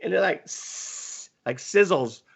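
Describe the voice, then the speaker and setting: Excitable high-voiced man telling a story. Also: normal speed, creaky. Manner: animated, stammering restarts. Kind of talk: casual storytelling.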